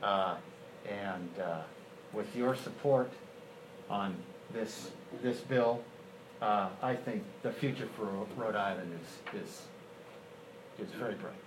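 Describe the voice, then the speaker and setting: Man putting on older Southern president, drawling, folksy, domineering, deep, echoey room. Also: slow, pauses often, background noise. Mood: coaxing. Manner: drawling, flattering then threatening.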